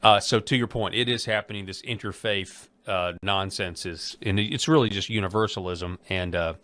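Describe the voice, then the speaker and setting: A man interviewing a guest in a casual, halting way, often repeating words and using fillers. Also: on the low side, fairly bright tone, dry recording. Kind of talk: conversational interview.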